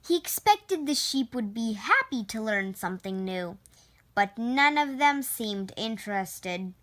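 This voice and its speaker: Female storyteller, children's read-aloud; unhurried, bright, expressive. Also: on the high side. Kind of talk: reading a children's book aloud.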